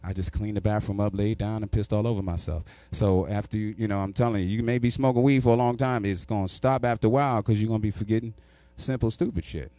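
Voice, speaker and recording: A man's voice: lowish voice, fairly even intonation, quick pace, hardly any pauses, mellow, dry recording. A man from New York doing a stand-up set, telling profane stories and working the crowd. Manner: profane, storytelling, crowd work. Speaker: stand-up comedian.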